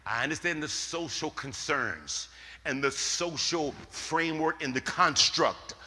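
A man preaching a sermon as pastor, swinging from loud outbursts to hushed, slowed lines. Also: fairly high pitch, expressive. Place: church sanctuary. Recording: echoey hall.

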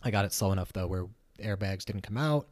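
A young man co-hosting a podcast from a home kitchen, telling stories in a casual, animated way with laughs. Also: fairly low pitch, fairly quick, no echo. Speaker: podcast co-host. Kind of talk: casual chat.

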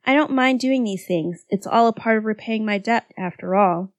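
A woman's voice: mid-range voice, normal speed, no room sound, natural voice. A woman voicing a plainspoken, practical teenage girl in a fanfic read-aloud, speaking in a matter-of-fact way.

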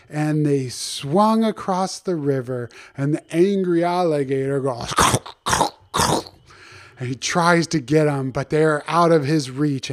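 A man telling an improvised children's story, speaking animatedly and asking the young listeners questions. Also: fairly high pitch.

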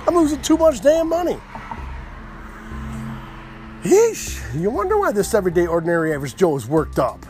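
Worked-up man ranting with lively pitch. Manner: worked-up, profane, acts out both sides of arguments. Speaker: vlogger telling stories. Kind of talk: casual storytelling rant.

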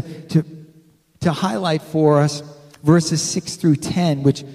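A male pastor with a notably high voice preaching to his congregation in an easy, conversational way, often calling out for an amen. His words ring through the long reverb of a large church sanctuary. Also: creaky, warm tone. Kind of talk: sermon.

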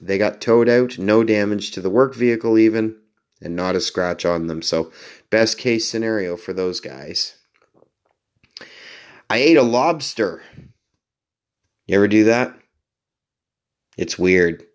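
A man with a notably deep, low-pitched voice spins a casual, rambling story straight to the camera. He is self-deprecating and chuckles between his thoughts. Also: a little slow, long pauses.

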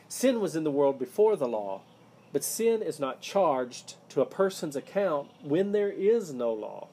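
A man with a fairly high but warm, mellow voice teaches scripture on his own podcast, earnest and emphatic as he leans on key words. A faint hiss sits under the recording. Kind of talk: solo Bible-teaching podcast.

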